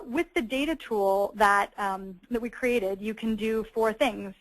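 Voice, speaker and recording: A woman's voice: mid-range voice, low-quality recording. A young adult woman presenting a webinar and walking listeners through a website, explaining in a friendly way with frequent fillers. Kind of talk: presenting a webinar with a screen walkthrough.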